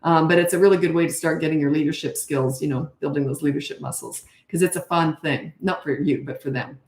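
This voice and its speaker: A middle-aged woman coaches parents live, blunt and confident, and often slips into quick acted bits of dialogue. Her voice sits low with a gravelly edge. The room around her gives it a noticeable echo. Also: a little mellow. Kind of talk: casual live-stream advice. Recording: echoey room.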